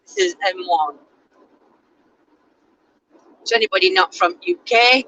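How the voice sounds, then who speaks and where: A woman's voice: mid-range voice, huge pitch swings, brisk, bright, forceful tone, poor audio. A woman, chatting casually and teasing herself during a road trip, recorded in a moving car. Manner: chatty, self-mocking. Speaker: vlogger. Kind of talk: casual chat. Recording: car noise in background.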